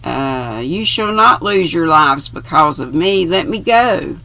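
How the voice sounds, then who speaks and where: A woman's voice: low-pitched, animated, slow pace, creaky, pushed and bright, heavily acted. Woman putting on a frightened young woman pleading. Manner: urgent, pleading.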